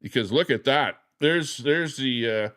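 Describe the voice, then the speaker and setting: A man's voice: medium pitch, a little slow, fairly bright tone, clear, resonant tone, dry recording, studio quality. A man hosting a casual livestream, rambling with lots of "uh" fillers and greeting chatters by name. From Canada. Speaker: livestream host.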